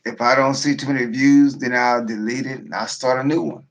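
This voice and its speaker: A man talking casually to his viewers on a livestream. He sounds tired and low on energy, and he often repeats and restarts phrases as he goes. His voice sits at a middle pitch. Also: steady tone, fairly quick. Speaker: livestream host, veteran prepper.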